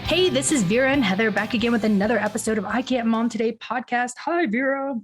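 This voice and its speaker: A woman's voice: fairly high pitch, fast talker, slightly rough, faint music behind. A woman co-hosting a podcast in casual chat, talking in a scattered way and correcting herself often. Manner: scattered, self-correcting, many backchannels. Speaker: podcast co-host.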